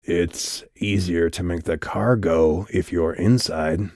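A menacing, sneering clown-faced man with a low growl, played by a male audiobook narrator. His mocking lines sit deep and dry on a close mic. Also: takes it slowly, a little mellow, no room sound, full character voice. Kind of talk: audiobook character voice.

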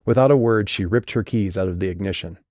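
Male audiobook narrator, deep, low voice, dry close booth sound. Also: fast talker, darkish tone, dry recording.

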